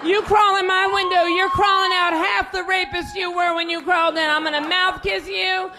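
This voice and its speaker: A woman doing a brash, defiant stand-up routine and shouting her punchlines. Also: very high voice, flat delivery, moderate pace, noisy background. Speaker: stand-up comedian.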